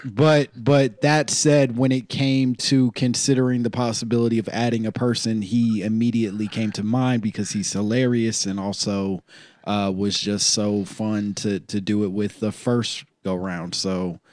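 A man's voice: fairly low pitch, steady tone, darkish tone, no room sound. Dry-voiced male podcast host, casual, stop-start delivery. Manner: halting, with frequent restarts and laughs. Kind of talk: casual chat.

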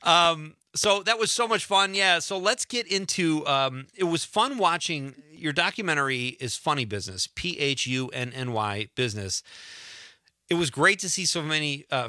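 A man's voice: a little high, lively intonation, normal speed, pushed and bright, no echo, studio quality. A man hosting a talk show, reading an ad and chatting with a guest in an upbeat, anecdotal way. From Chicago. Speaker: radio show host. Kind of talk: casual interview.

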